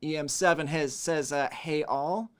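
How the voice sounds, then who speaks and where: Relaxed male stream host with a slightly raised voice, reading chat aloud in a chatty tone. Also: fairly high pitch, unhurried, clean tone. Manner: relaxed, chatty, hums to himself between messages. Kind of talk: casual livestream chat.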